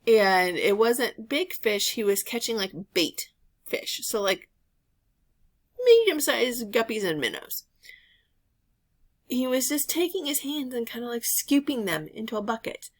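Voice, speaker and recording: A woman's voice: fairly high pitch, big pitch swings, measured pace. A woman in her thirties chatting casually to camera, rambling through a story with lots of filler words. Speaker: reseller vlogger.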